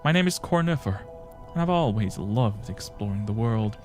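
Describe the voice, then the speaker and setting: A man's voice: fairly low pitch, lively intonation, normal speed, a little mellow, soft background music, natural voice. A man putting on a chatty bug mapmaker. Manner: friendly, rambling, reading dialogue aloud. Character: cheerful male bug mapmaker, chatty wanderer.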